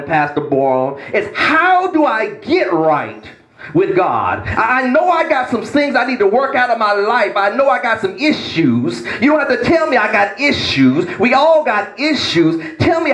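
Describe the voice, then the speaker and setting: A man's voice: very high-pitched, big pitch swings, normal speed, fairly bright tone, echoey room, exaggerated voice, rough recording. A man voicing a plainspoken male churchgoer who talks bluntly and straight to his pastor. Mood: pleading.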